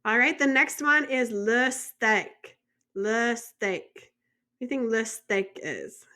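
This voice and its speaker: A woman's voice: on the high side, animated, slow pace, bright, forceful tone. An American woman teaching a French vocabulary lesson in a chatty way, joking and asking the viewer questions. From United States.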